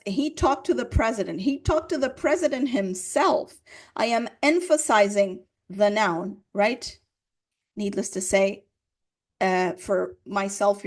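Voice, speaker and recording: Woman, English teacher giving a grammar lesson, slightly high voice, patient and repetitive. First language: Portuguese. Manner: explains patiently, repeats examples, checks with "right?".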